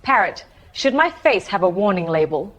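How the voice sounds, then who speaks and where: A woman's voice: mid-range voice, big pitch swings, normal speed, muffled recording. A woman asking the parrot playful, vain questions with mock seriousness.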